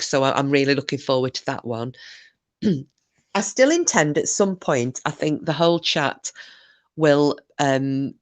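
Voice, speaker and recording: A Scottish woman with a voice that sits low hosts a casual livestream, reading viewer comments aloud. She responds in a teasing, chatty manner and swears mildly.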